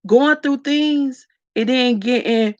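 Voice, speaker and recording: A woman speaking slowly and reflectively to her viewers, tearful. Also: high-pitched, no room sound, dull audio. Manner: slow, reflective, addresses viewers as y'all. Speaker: vlogger. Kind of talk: emotional personal talk to viewers.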